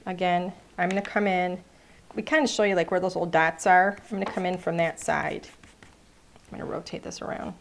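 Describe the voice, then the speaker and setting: Casting: chatty, playful woman craft-class host, slightly low voice, faint background hiss. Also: fairly even intonation, fairly quick, gravelly. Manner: chatty, playful, narrates each step. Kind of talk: live crafting demonstration.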